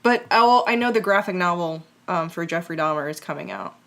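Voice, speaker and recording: Female co-host, lowish voice, relaxed chat with brief reactions. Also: fairly quick. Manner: short reactions, brief chiming in. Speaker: podcast co-host. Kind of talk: casual chat.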